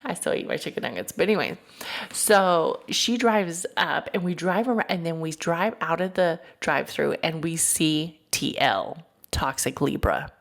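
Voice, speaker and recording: A young woman host spins a story in an animated, swearing, slang-heavy chat. Her voice sits fairly low and has a gravelly fry to it. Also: normal speed. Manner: animated, profane, chatty with slang asides. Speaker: podcast host. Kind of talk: casual storytelling.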